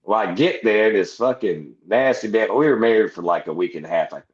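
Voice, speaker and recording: Talking a little fast in an animated, lowish voice, the man, a veteran podcast guest, rambles through a long, rowdy story. Casual and profane, it's broken up by laughing asides. Roomy, slightly dull acoustics surround him.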